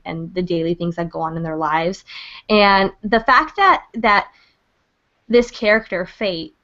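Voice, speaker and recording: A woman's voice: medium pitch, dull audio. A woman giving a casual review, chatty and rambling, with lots of fillers. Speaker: guest reviewer. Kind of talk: casual comic book review.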